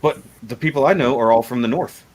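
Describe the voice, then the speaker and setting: A man's voice: medium pitch, fairly quick, low-quality recording. A man hosting a casual livestream chat, rambling and laughing often. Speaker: livestream host.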